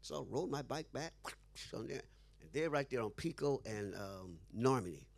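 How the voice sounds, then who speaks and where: A man's voice: mid-range voice, expressive, moderate pace, gravelly. A man being interviewed who tells a story with animation, acting out the dialogue and laughing often. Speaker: interview guest.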